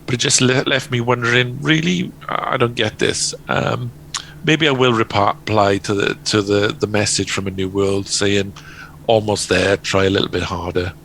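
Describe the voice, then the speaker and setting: A man reads out his album review in a low voice with a gravelly edge. He stumbles and corrects himself along the way. Faint noise sits behind the voice. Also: steady tone, fairly bright tone, rough recording. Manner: halting, stumbles over words. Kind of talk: reading a prepared review.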